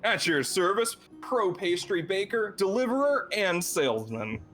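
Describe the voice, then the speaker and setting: A man's voice: sits high, sing-song, unhurried, fairly bright tone, faint music behind, pitched above the performer's own voice, full character voice. A man voicing a chatty young male baker and salesman who rambles on cheerfully, full of fillers.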